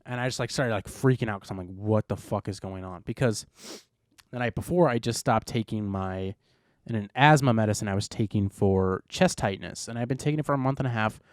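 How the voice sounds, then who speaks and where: A man's voice: medium pitch, brisk, no echo, clean studio sound. A young man hosting a podcast, telling a long story in a rambling, laid-back way with lots of fillers. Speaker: podcast host. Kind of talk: casual chat.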